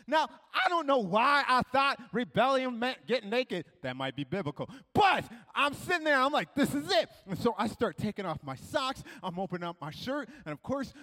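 A man with a high, very lively voice delivers a comic personal story. He slips into the voices of the people in his tale and swings widely in pitch as he goes. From Minnesota. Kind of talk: stand-up storytelling.

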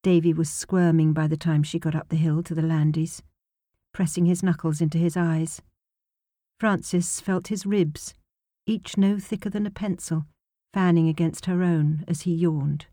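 Woman narrator, audiobook, low-ish pitch, mellow, even, dry close mic. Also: normal speed, no room sound. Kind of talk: scripted narration.

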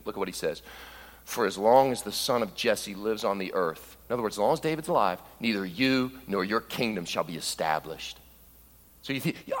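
A man preaching a sermon in an animated way, acting out scripture quotes in a raised voice and dropping low for asides. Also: big-room sound.

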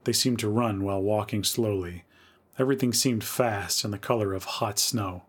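Male podcast host, lowish voice, measured atmospheric story narration. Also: husky.

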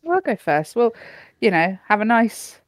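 A woman's voice: mid-range voice, very animated, normal speed, no room sound. A woman co-hosting a casual podcast, chatty and giggly, sometimes ranting. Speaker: podcast co-host. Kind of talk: casual chat.

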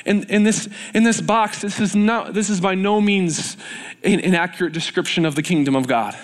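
A man's voice: high-pitched, moderate pace. A man preaching a sermon in a church, earnest and repetitive, building in intensity.

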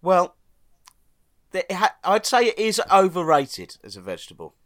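Sardonic co-host, animated and bright, casual swearing banter. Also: male voice, high-pitched, normal speed. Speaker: podcast co-host.

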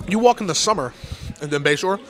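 A man hosting a casual comedy podcast, swearing freely and talking in quick, animated asides. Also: high-pitched. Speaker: podcast host.

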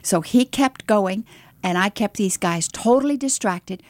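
A middle-aged woman missionary telling her story in an interview, animated and dramatic. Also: medium pitch, measured pace, no room sound.

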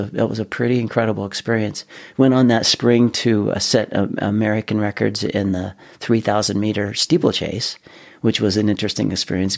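A middle-aged man telling his story in a casual interview, animated, often restarting and repeating his words. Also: lowish voice, vocal fry. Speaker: guest.

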